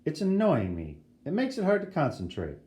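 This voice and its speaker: A man's voice: on the high side, wildly swooping pitch, normal speed, darkish tone. A man voicing a whiny, tattling schoolgirl. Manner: whiny, complaining. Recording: roomy echo.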